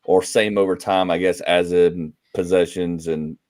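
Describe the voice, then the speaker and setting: A man hosting a casual podcast, reading out viewer questions in a relaxed way with many fillers. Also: low voice, a little slow. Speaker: podcast host.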